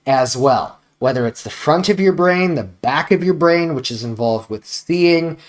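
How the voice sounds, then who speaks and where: A man with an American accent, a chiropractor explaining health topics in a measured, deliberate way, stressing key words. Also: a little high, animated. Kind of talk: educational explainer to camera.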